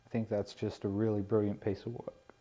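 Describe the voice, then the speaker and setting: A man's voice: lowish voice, flat delivery, a little fast, dark tone. A man giving a laid-back, self-deprecating unboxing commentary on a model plane, indoors on a camera mic. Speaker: RC plane hobbyist vlogger. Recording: dull lo-fi camera audio.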